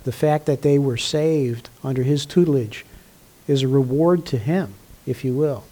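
An older man, a pastor, delivering a conversational sermon with frequent throat clearing and fillers. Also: mid-range voice, moderate pace, mellow.

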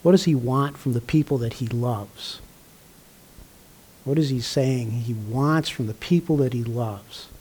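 An older man, a pastor, delivering a conversational sermon with frequent throat clearing and fillers. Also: medium pitch, unhurried, a little mellow, slight background noise.

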